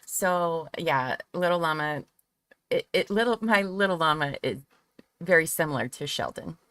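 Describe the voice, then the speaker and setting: A woman hosting a relaxed livestream chat, talkative and giggly, gushing about her favorite shows. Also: sits low, normal speed, dry recording. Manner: chatty and giggly, gushes over favorite shows. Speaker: livestream host. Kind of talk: casual chat.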